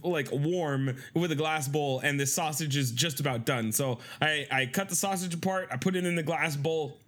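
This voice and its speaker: A man co-hosting a comedy podcast, telling a story in an animated way, laughing and swearing freely. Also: on the high side, normal speed. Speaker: podcast co-host.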